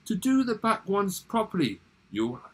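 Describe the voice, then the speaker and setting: A man voicing a cunning, grinning male crocodile in a read-aloud poem, speaking slowly and slyly in a husky voice. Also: high-pitched, huge pitch swings, a bit bright, pitched above the performer's own voice, full character voice.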